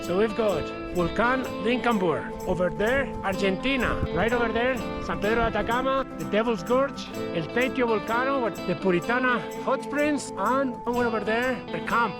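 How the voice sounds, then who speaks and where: A man narrating a family travel vlog outdoors in a desert canyon, upbeat and enthusiastic. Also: high voice. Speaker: travel vlogger, father. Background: music.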